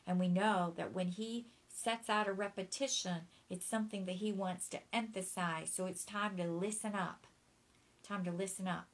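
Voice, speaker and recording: A woman's voice: medium pitch, poor audio. A woman preaching a sermon, teaching in an emphatic way, repeating her key phrases and spelling out words for note-takers.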